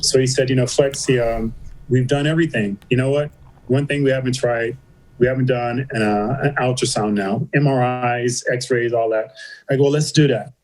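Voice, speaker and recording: A man's voice: medium pitch, normal speed, rough recording. A middle-aged man, a podcast guest, telling a story in a casual interview, acting out the dialogue with lots of "you know" and "I go". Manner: animated storyteller, acts out quoted dialogue, says "you know" and "I go" often.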